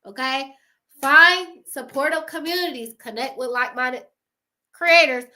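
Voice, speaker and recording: A woman's voice: high voice, measured pace, bright, forceful tone. A woman, chatting casually to camera, giving motivational advice to creators, often laughing and calling her viewers y'all.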